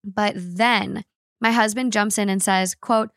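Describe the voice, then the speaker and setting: A woman's voice: mid-range voice, steady tone, slow, fairly bright tone, dry recording, studio quality. A woman co-hosting a podcast, reading a listener's story aloud with expression and then chatting casually about it.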